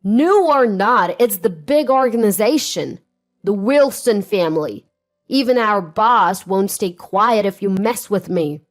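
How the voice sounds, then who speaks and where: Woman doing a loud bullying mob newcomer. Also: mid-range voice, lively intonation, a little slow, faint music behind, natural voice. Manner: boastful, threatening, shouting. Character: brash loud young male mafia newcomer.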